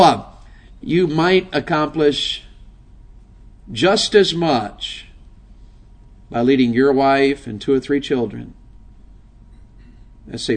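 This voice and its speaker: A middle-aged man preaching a sermon to a men's session. He moves from quiet, probing questions to loud, emphatic, driving delivery. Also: lowish voice, husky.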